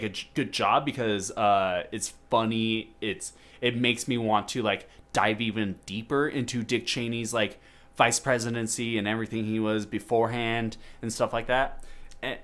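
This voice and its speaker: A man's voice: on the low side, a little slow, fairly bright tone. A man hosting a podcast, chatting casually about a movie with many fillers and restarts. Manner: rambling, lots of fillers and restarts. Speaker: podcast host.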